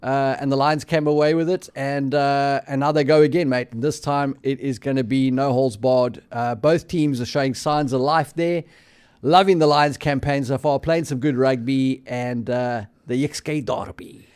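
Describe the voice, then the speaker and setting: A man's voice: medium pitch, fairly even intonation, normal speed, a little mellow, clear, resonant tone. A man co-hosting a rugby podcast, chatty and easygoing, often tacking on "mate". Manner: chatty, keeps saying mate. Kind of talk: casual sports chat.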